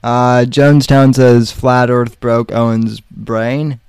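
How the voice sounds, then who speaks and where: Man, podcast host, unhurried, smooth clear voice, dry close mic. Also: mid-range voice, steady tone, darkish tone, no room sound. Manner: slow and deliberate, with frequent pauses and fillers. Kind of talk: casual call-in chat.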